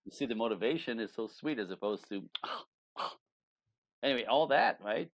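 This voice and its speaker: Male relationship coach, podcast guest; low voice, emphatic, lively delivery. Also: brisk. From Canada. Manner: animated, emphatic, acts out quoted voices. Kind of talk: conversational interview.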